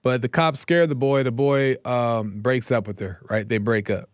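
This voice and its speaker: A man's voice: mid-range voice, steady tone, normal speed, no echo, clean studio sound. A man hosting a live show, casually retelling a true-crime case in a chatty way and checking in with "right?" after almost every point. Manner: conversational, keeps checking in with "right?". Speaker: host.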